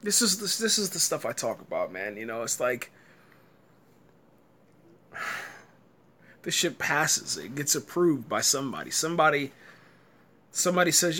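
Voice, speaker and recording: A man's voice: on the high side, very animated, a little slow, long pauses, pushed and bright. A man giving a casual, exasperated review rant, stumbling and repeating words and breaking into laughter. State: tired, early morning.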